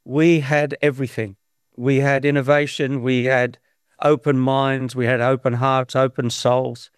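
A man's voice: medium pitch, level tone, a little slow, smooth, no echo. Australian man in his sixties, dry sound. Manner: rambling, with frequent restarts. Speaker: guest. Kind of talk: anecdotal storytelling.

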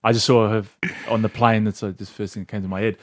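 A man's voice: fairly low pitch, level tone, fast talker, no room sound, clean studio sound. A man hosting a sports show, chatting casually and laughing easily. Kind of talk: casual radio chat.

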